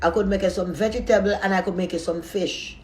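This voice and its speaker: A man's voice: high-pitched, fairly even intonation, a little fast, darkish tone. A man chatting casually to his viewers while eating, rambling from one thought to the next. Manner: chatty and rambling, talks with his mouth full between bites. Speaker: food vlogger. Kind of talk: casual eating vlog talk. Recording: echoey room.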